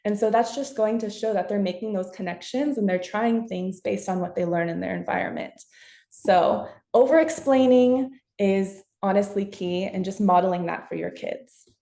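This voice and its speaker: A woman's voice: mid-range voice, normal speed, creaky, mellow. A woman presenting a parent webinar on child development, in a casual, chatty way with an easygoing conversational delivery. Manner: casual and chatty, acts out example self-talk. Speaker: parent workshop presenter who works with young children. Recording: echoey room.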